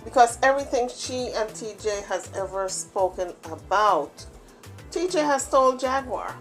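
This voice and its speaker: A woman's voice: on the high side, lively intonation, a little slow, faint music behind. A woman hosting a channel, giving opinionated commentary on a family dispute. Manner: opinionated, emphatic. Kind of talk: gossip commentary.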